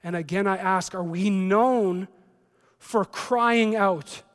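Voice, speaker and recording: A man's voice: sits high, slow, clean tone, in a large hall. A man preaching a sermon as a pastor, reading scripture and then talking in a conversational way with joking asides.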